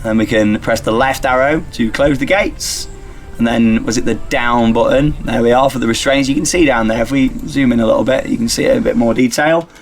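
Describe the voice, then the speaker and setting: A man's voice: mid-range voice, a little fast, faint music behind. A man giving casual, upbeat gameplay commentary as he operates a ride simulator, talking himself through each step. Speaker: theme park YouTuber playing a ride simulator.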